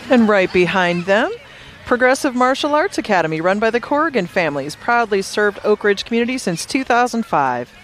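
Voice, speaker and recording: A woman's voice: medium pitch, lively intonation, a little fast. A woman calls a night-time street parade live, trading easy banter and reading sponsor blurbs. She sounds chatty and amused. Faint vehicle noise hums in the background. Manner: chatty and amused, laughing often between scripted reads. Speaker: parade commentator.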